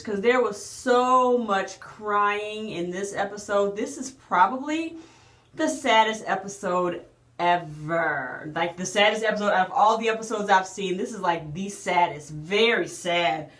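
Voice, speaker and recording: A woman's voice: mid-range voice, fairly bright tone, echoey room. A woman casually recapping a drama episode, chatty and emotional with lots of fillers and restarts. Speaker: drama reviewer.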